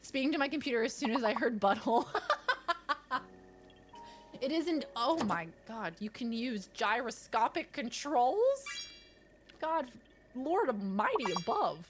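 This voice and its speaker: Young woman streamer, goofy and giggly, bit high voice, faint music under. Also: very animated, unhurried, pauses often. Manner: playful, giggly, chatting with viewers. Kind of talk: casual livestream gaming chat.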